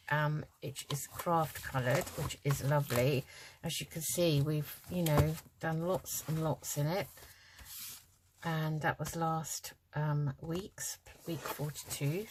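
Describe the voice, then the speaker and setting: A low-voiced older woman from the UK chats casually as she works on a collage at her craft table. She rambles along with plenty of ums and sounds a little tired. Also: noisy background. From United Kingdom. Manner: chatty and rambling, with many ums. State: yawning, tired. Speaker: craft vlogger. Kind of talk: casual chat while crafting.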